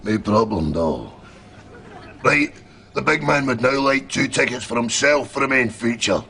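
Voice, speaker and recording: An actor playing a crude, menacing Scottish hard man, with a deadpan Scottish accent. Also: medium pitch, measured pace, vocal fry, full character voice.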